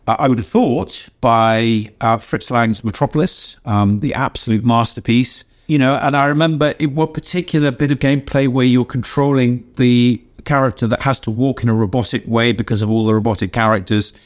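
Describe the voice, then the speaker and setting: An older English man, a game designer being interviewed, telling anecdotes in a lively way and acting out the voices of people he quotes. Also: mid-range voice, normal speed, few pauses. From England. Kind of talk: animated storytelling in an interview.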